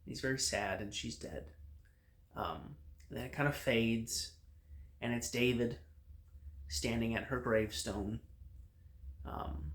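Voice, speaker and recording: A man's voice: medium pitch, measured pace, long pauses, fairly bright tone. Casual male TV reviewer recapping a plot. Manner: recaps the plot with frequent fillers and restarts.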